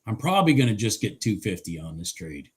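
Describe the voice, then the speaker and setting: A man doing live commentary on his day trades, hoarse and clearing his throat, cheering the chart on and swearing casually. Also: fairly low pitch, sing-song, brisk, a little mellow.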